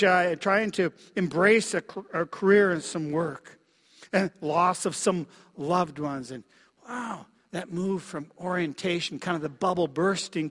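A middle-aged man from Minnesota delivers a sermon in a fairly high voice. He speaks reflectively, haltingly, leaning on little fillers and letting his voice drop soft at times. The sound carries a long hall reverb, like a large church sanctuary. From Minnesota, USA. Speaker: pastor.

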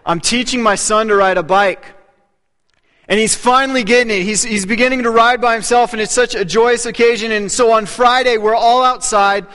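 A man in his thirties preaching a sermon, earnest, often dropping to a hushed voice to press a point. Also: extremely high pitch, steady tone, moderate pace. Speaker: pastor. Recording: long hall reverb.

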